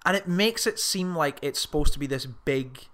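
A man chatting casually, animated and sweary as he rants about a film. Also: fairly high pitch, moderate pace. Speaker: film podcast co-host. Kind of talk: casual chat.

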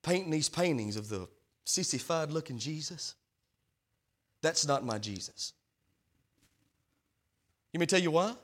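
Man, pastor, sermon, very animated pitch, bright tone. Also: a little slow, pauses often. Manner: preaching with big swings from soft to shouting.

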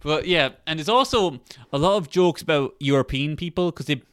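Podcast guy, bright kinda high voice, acts out movie bits loud, swears a lot. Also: a little fast, smooth, dry recording, clean studio sound. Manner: animated storytelling with loud acted-out quotes; swears freely. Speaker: podcast co-host. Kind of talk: casual podcast film chat.

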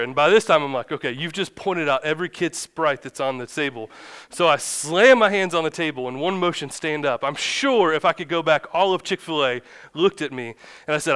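Smooth-voiced pastor telling a funny story. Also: male voice, a little high, a little fast. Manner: chatty, self-deprecating, animated when acting out the story. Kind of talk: conversational sermon with humorous storytelling. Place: church sanctuary.

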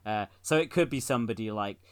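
A man's voice: fairly low pitch, fast talker, smooth. Wry, rambling man. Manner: wry, rambling, laughs through his own jokes. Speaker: podcast co-host. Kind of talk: casual political chat.

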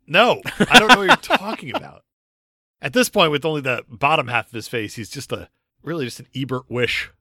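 A man co-hosting a casual movie-review podcast, quick-witted and teasing, arguing his points with jokes. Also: medium pitch, animated, sharp tone, no room sound, clean studio sound. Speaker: podcast co-host.

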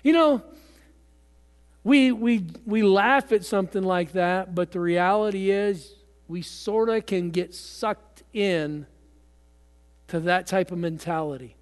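A man preaching from the pulpit in a high voice, stumbling over his words and repeating them as he goes. His sermon rings out with the long reverb of a church hall. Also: slow pace, smooth. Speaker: pastor.

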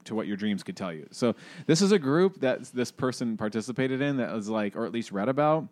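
A man co-hosting a casual talk show, rambling and animated, full of fillers and restarts. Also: medium pitch, fairly quick, no echo. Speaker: podcast co-host. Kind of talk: casual conversation, reading aloud from a book.

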